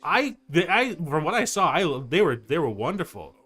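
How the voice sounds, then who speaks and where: A man chatting casually on a game livestream, rambling and excitable, with many fillers. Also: fairly high pitch, moderate pace, soft background music. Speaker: VTuber streamer. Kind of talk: casual livestream chat while gaming.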